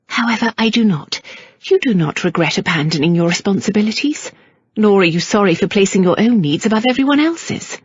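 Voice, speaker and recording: A woman reading an audiobook and voicing a bitter, middle-aged mother who speaks crisply and reproachfully. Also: medium pitch, expressive, brisk, no room sound, muffled recording. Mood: cold. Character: cold, bitter mother in her forties.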